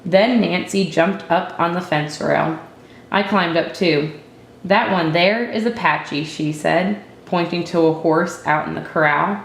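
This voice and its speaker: A woman reads a first-person story aloud in a steady, reflective way. Her voice sits on the low side for a woman, and a roomy echo hangs around it. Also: a little slow, vocal fry, a little hiss or hum. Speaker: narrator. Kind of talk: storybook reading.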